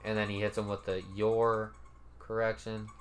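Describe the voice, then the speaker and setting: A man's voice: on the low side, monotone, normal speed, a little hiss or hum. A man giving casual, laid-back commentary as he reads out comments, cursing now and then and sounding mildly incredulous. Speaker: commentary YouTuber.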